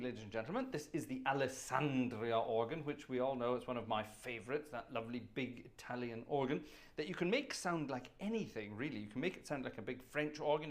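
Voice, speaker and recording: A man hosting a live organ concert stream from home, chatting in a genteel, slightly theatrical way. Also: mid-range voice. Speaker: organist and livestream host. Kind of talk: casual live-stream chat. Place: warm room at home with an organ.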